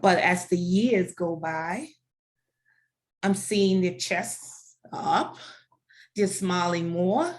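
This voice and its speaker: A woman's voice: fairly low pitch, extremely slow, long pauses. African-raised woman founder, earnest testimony, repeats lines like a preacher. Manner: earnest, declarative, preacher-like repetition. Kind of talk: interview answers, faith testimony.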